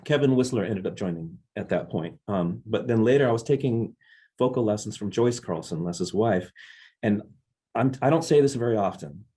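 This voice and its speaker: Husky low-voiced man telling stories. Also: animated, moderate pace, mellow. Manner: earnest, reflective anecdotes. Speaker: guest musician, drummer. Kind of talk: casual interview storytelling.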